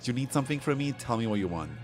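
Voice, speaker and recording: A man's voice: medium pitch, lively intonation, racing, faint music behind. A man from Europe chatting frankly with viewers during a live game stream. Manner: frank, chatty, responds to chat. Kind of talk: casual live-stream chat.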